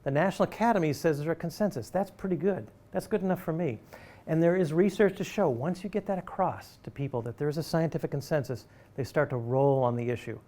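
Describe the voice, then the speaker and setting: A man's voice: on the high side, fast, warm tone. A man giving a public lecture to an audience, talking in an emphatic, conversational and persuasive way. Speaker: university lecturer.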